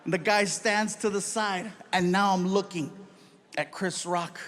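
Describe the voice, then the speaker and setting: A man performing a stand-up comedy routine, telling a story with lively acted-out voices and sudden loud bursts. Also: high voice, unhurried. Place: live comedy stage.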